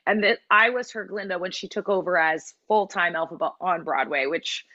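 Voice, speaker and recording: Theatre actress rambling happily, lots of likes and um, bright voice. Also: female voice, on the low side, moderate pace, no echo, highs cut off. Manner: chatty, giggly, many fillers and restarts. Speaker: musical theatre actress, guest. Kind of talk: casual interview chat.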